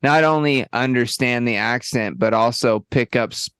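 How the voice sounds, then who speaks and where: Laid-back stoned man, smooth and dry. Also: medium pitch, moderate pace, a bit bright, dry recording. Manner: laid-back, drops "bro" and "you know what I mean". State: high on edibles. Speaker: podcast co-host. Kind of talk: casual chat.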